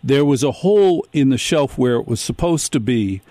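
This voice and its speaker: A male radio host tells a comic story with lively energy, jumping into voices for the people he meets. The studio sound is close and dry, with no room around him. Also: mid-range voice, moderate pace, dry recording. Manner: animated storytelling, acts out quoted people. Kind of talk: comedic radio monologue.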